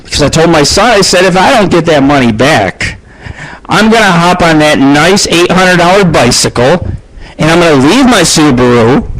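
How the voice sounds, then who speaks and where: A middle-aged man hosts his own late-night radio show. He rambles through crude anecdotes, swearing freely and bragging as he goes, and his voice sits a little high for a man. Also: a bit bright, rough recording. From United States. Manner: profane, boastful storytelling.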